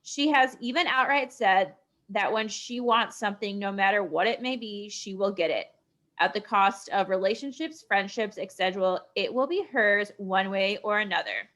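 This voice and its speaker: A woman co-hosting a podcast, reading a story aloud in an even, steady way. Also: medium pitch, moderate pace. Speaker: podcast co-host.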